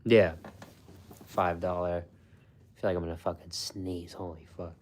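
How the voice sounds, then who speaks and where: A man chats loosely with his viewers, his voice sitting low and deep. He rambles, swears freely and breaks into laughter often, his talk full of "like" and restarts. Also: flat delivery, a little slow, darkish tone, a little hiss or hum. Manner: rambling and profane, laughs often, many fillers. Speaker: food channel host. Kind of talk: casual live-stream chat with viewers.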